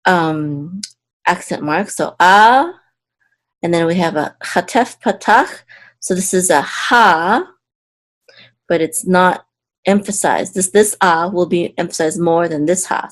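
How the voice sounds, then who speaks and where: Patient woman teaching syllable by syllable. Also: on the low side. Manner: slow deliberate sounding-out of syllables; casual, with fillers and self-corrections. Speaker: Hebrew teacher. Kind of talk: patient step-by-step lesson.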